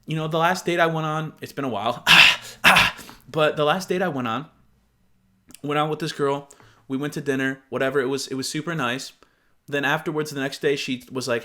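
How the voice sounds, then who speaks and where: A man's voice: fairly high pitch, animated, brisk, bright, forceful tone. A young man giving casual reaction commentary, blunt, profane and openly incredulous. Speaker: online commentator.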